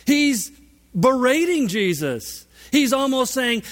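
A man preaching a sermon, animated and emphatic, with dramatic shifts in volume. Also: a little high, unhurried. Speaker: pastor. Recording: long reverb of a large hall.

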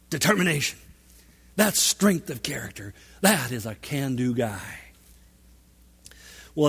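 A man preaching a sermon, animated and emphatic, with dramatic shifts in volume. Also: mid-range voice, breathy edge. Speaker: pastor. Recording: long reverb of a large hall.

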